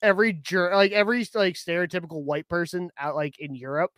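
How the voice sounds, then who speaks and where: A man's voice: high-pitched, steady tone, fairly quick, a bit bright, no echo, studio quality. A man co-hosting a podcast in casual chat, laughing often and restarting his sentences. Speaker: podcast co-host.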